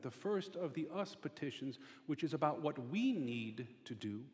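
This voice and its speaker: A man's voice: medium pitch, darkish tone. A male pastor preaching a sermon with an emphatic, repetitive cadence. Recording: long reverb of a large hall.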